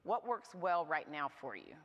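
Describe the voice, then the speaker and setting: A woman's voice: low voice, wildly swooping pitch, measured pace, fairly bright tone, big-room sound, muffled recording. A woman speaking to a live audience at a moms' event, candid, humorous and conversational. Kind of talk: motivational talk to a live audience. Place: church event hall.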